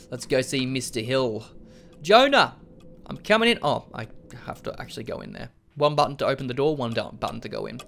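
A young man giving excitable, jokey commentary as he plays a video game, often laughing. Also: mid-range voice, gravelly, a little hiss or hum. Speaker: let's play host. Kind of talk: gaming commentary.

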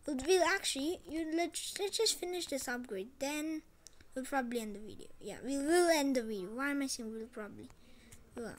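A woman's voice: high-pitched, a little fast. A woman hosting a gaming channel, chatting casually over a farming game and repeating short phrases to herself. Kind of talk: casual gameplay commentary.

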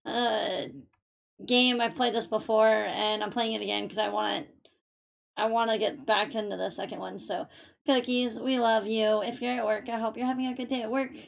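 A woman's voice: a little high, steady tone, moderate pace, vocal fry. A woman streaming a game live, chatty and gushing, thanking viewers emotionally. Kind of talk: live gaming stream commentary.

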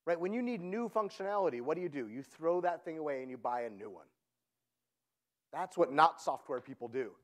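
An energetic man giving a keynote at a tech conference, often asking the audience "right?" as he goes. His voice is pitched high, and his delivery is lively and persuasive. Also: a little fast. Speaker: conference speaker. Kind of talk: keynote talk.

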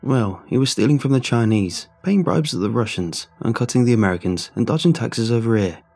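A man voicing a gruff, dismissive male furniture mover who talks bluntly in rough dialect. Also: medium pitch, lively intonation, fairly quick, a little mellow.

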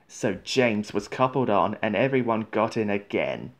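A man reading a children's storybook aloud in a gentle, measured way. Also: lowish voice, animated.

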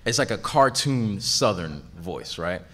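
A man's voice: lowish voice, unhurried, noisy background. A man on a comics convention panel, talking casually and laughing often as he tells a story. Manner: laid-back, laughs often, grows animated telling a story.

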